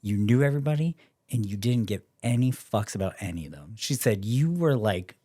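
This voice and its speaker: A man's voice: lowish voice, expressive, a little fast, dark tone. A young Canadian man, a podcast guest, telling a story in casual chat, acting out quoted voices and swearing freely.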